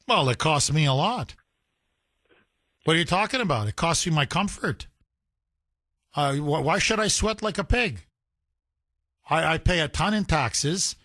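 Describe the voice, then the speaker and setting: Man, talk radio host, high voice, dry studio sound, sarcastic, emphatic. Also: lively intonation, a little slow, pauses often, bright, forceful tone, no room sound. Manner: sarcastic, emphatic, mocking imitations.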